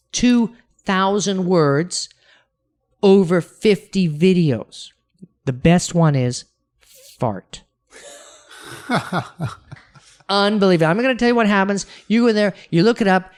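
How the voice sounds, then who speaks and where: A man co-hosting a casual podcast, telling stories with lots of energy, acting out quotes and restarting his sentences. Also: sits high. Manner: animated storyteller, acts out quotes, many restarts. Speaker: podcast co-host.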